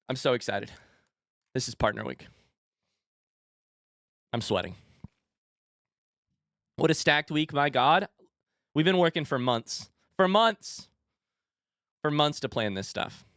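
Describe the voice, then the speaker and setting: A young man streaming live, hyping up a charity event with excitable announcer energy and then chatting casually with viewers while out of breath. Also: mid-range voice, no echo, clean studio sound. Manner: excitable, hyped announcer delivery that shifts to quick casual asides.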